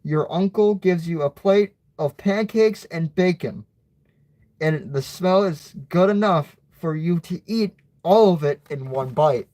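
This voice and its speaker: Young man slowly reading his own story. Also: fairly high pitch, mellow. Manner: slow, halting reading with slips and asides.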